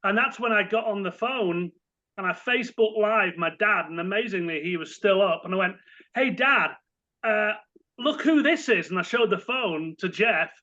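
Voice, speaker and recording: A middle-aged English man with an English accent, a guest telling animated stories and acting out the voices of the people in them. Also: high-pitched, moderate pace, muffled recording. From England. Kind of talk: casual storytelling.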